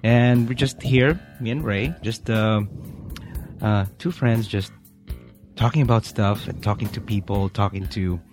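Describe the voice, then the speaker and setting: A man's voice: fairly low pitch, unhurried, darkish tone, soft background music. A man co-hosting a casual podcast, chatting in a rambling way with lots of fillers and laughs. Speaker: podcast co-host. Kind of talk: casual chat. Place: Houston, Texas studio.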